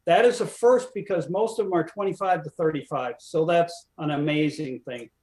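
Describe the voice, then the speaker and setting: A man's voice: a little high, moderate pace, a little mellow. A man guesting on a live stream, chatting casually and agreeing emphatically. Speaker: guest, former foster parent association president.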